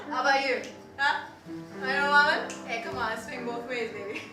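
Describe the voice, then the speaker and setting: A woman on stage playing a restless young zookeeper who tells a story in a profane, animated rant. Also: high voice, slow pace, over loud music, exaggerated voice. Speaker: stage performer. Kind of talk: theatrical monologue. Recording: echoey hall heard from far off, faint noise.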